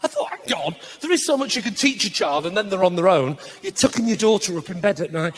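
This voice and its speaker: A man with a Northern English accent doing live stand-up comedy in a theatre, chatting with the audience and shouting his punchlines. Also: high voice, quick pace, hardly any pauses. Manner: animated, shouting punchlines, acting out voices. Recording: live theatre recording with faint room noise.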